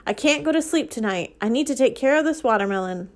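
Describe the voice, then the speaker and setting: A woman reading aloud and voicing an anxious, frantic mother who talks near yelling in a storybook. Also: on the high side, lively intonation, fast talker, close to an everyday voice. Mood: agitated.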